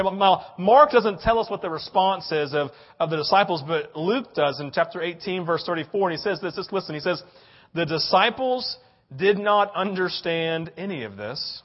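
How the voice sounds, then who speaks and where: An older man preaching a sermon, animated and acting out little voices, tossing in "right?" after many lines. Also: sits high, dull audio. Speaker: pastor.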